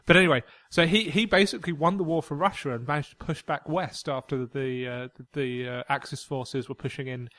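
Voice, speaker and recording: A man co-hosting a relaxed podcast conversation, wry and chatty, with a habit of wandering into history tangents. His voice sits a little high, and it is recorded very dry and close. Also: a little fast, hardly any pauses, no echo. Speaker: podcast co-host. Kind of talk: casual chat.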